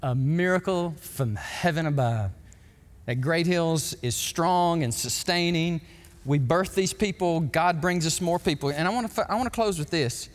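A male pastor, preaching an emphatic, animated sermon in a church sanctuary. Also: fairly high pitch, unhurried. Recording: long hall reverb.

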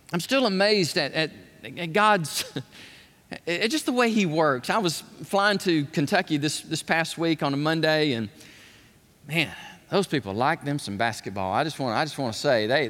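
A man preaching a sermon as pastor, telling stories with folksy asides. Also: high-pitched. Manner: animated storytelling with folksy asides. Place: church sanctuary. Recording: long hall reverb.

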